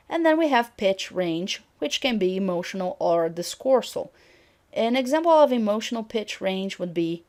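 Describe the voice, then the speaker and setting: A middle-aged woman lecturing on intonation. She speaks clearly and at a measured pitch, and she acts out example sentences as she teaches. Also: expressive, a little mellow.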